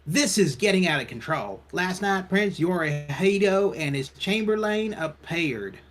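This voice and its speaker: A man's voice: sits high, animated, a little slow, voice pushed up. A man putting on a stern British police chief. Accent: British (put on). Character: stern gruff male police chief, cigar-chewing.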